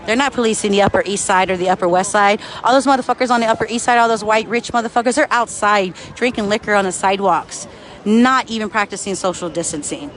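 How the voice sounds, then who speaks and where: Livestreaming from a street protest on a city street, an angry man curses and responds to chat comments. His voice sits high and sounds fairly bright, he talks fast, and faint street and traffic noise carries in the background.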